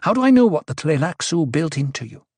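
A man voicing a quick-tempered, imperious young noblewoman in an audiobook, speaking in a sharp, commanding and scornful way. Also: fairly high pitch, very animated, husky, dry recording, voice pushed up. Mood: demanding. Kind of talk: audiobook character voice.

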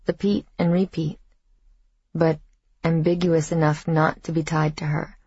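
A woman narrates a first-person audiobook in a measured, reflective voice. Her tone is low and husky. The sound is dry and close, a little dull. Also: level tone, warm tone, no echo.

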